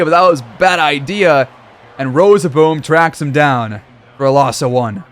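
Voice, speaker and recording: A man giving play-by-play commentary over a football video game, reacting loudly to big plays. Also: fairly high pitch, normal speed. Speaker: gaming commentator.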